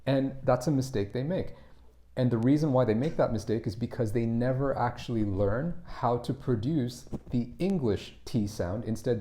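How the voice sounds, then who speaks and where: A man's voice: mid-range voice, dark tone, slight background noise. A man explaining English pronunciation in a casual spoken lesson, often restarting and repeating words as he thinks.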